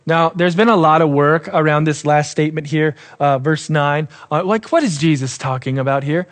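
Man preaching an animated sermon. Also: fairly high pitch, brisk, few pauses. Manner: animated preaching, acting out quoted voices, dropping soft for emphasis. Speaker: pastor.

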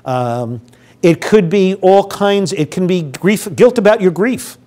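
An older man with a slightly high voice giving a relaxed public lecture. He keeps it conversational, checking in with the audience and slipping into the voices of the people he quotes. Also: unhurried. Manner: conversational, asks the audience questions and acts out quotes from grievers. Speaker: guest lecturer on grief. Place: lecture room with a live audience.

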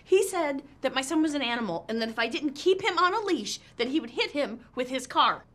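An actress playing an indignant, combative mother who accuses and shouts in outrage. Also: lively intonation, fairly quick. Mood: aggrieved. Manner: indignant, accusing, shrill outbursts. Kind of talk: film comedy acting.

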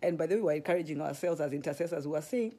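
A woman with a Kenyan accent, chatting on a live stream, very expressive and gasping as she tells stories. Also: deep voice, rapid-fire. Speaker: ministry leader. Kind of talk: casual live-stream chat.

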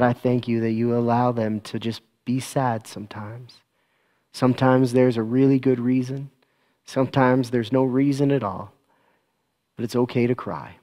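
A man serving as pastor, giving church announcements and a gentle, slow children's talk with a prayer. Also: medium pitch.

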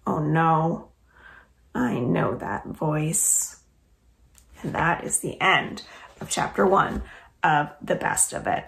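A woman reads a children's book aloud at a librarian's easy pace. Her voice is low and gravelly, with lively swings in pitch. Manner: friendly, expressive reading.

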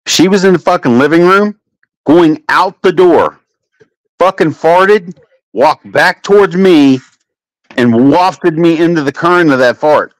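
With no room sound and a measured pace, this man hosts an informal livestream from home. He tells crude stories loaded with swearing, his voice swinging lively in pitch.

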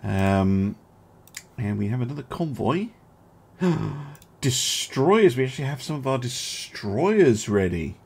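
A man's voice: medium pitch, big pitch swings, slow, vocal fry, pauses often, a little mellow, slightly rough. A man giving casual, musing commentary on a naval strategy game as host, chuckling often and poking fun at himself. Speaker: gaming video host.

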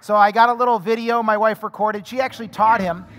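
A male pastor giving an animated, chatty sermon, telling a personal story and asking the congregation questions. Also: high-pitched, fast talker, noisy background. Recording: long hall reverb.

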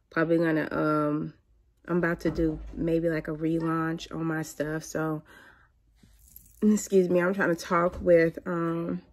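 A woman, chatting casually to camera as a mother and vlogger, animated and prone to high squeals of excitement. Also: creaky.

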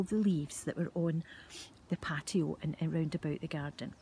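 An older Scottish woman telling a tale to her grandchildren, gentle and animated, drawing them in as she goes. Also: sits low, normal speed, a little hiss or hum. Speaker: grandmother storyteller. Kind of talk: telling a bedtime story to children. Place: home.

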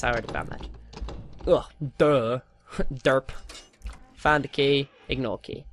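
A man's voice: on the high side, bright, forceful tone. A young man playing a horror game and commentating with jokes, rambling and narrating every move he makes. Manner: jokey, rambling, narrates his own moves. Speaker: let's play gamer.

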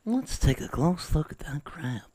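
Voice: mid-range voice, big pitch swings, a little slow, mellow, breathy edge. A streamer chatting during a live game, making wry, teasing asides to a friend. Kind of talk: casual live game chat.

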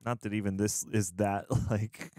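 A man hosting a movie reaction, talking casually and laughing often with loud exclamations. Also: lowish voice, little pitch movement, a little slow, no echo, studio quality.

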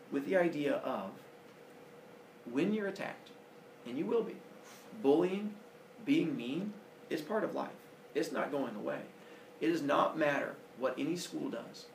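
A man's voice: medium pitch, creaky, echoey room, a little hiss or hum. A man in his forties giving an earnest, personal motivational talk to students, heard from a distance in a large room. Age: 40s. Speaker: school speaker.

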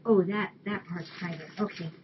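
A woman's voice: lowish voice, fairly even intonation, normal speed, slight background noise. A woman hosting a webcam stream, chatting casually as she reads holiday cards aloud and thanks the viewers who sent them. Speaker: shelter webcam host. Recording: dull lo-fi webcam audio.

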